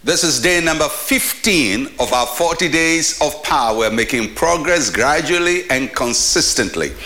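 Man, pastor, daily devotional sermon, emphatic, fairly high voice, bright. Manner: emphatic preaching with animated rises.

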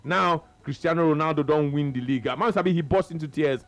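A man's voice: fairly high pitch, quick pace. A man with a Nigerian English accent hosting a casual sports radio talk show, teasing his co-host and stretching his words with frequent fillers.

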